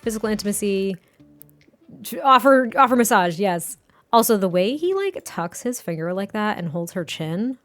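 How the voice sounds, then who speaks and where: A woman's voice: medium pitch, animated, moderate pace, soft background music. A young woman, the host, giving casual, gushing gameplay commentary with frequent laughs. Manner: bubbly, gushing, laughs often. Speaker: gaming creator narrating a life-sim series.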